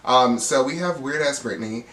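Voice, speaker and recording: A man recapping reality TV in a gossipy, animated way, popping into the cast's voices and laughing along. His voice sits at an ordinary middle pitch. The sound is roomy and echoey, with the mic a little distant. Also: moderate pace. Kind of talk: casual recap commentary.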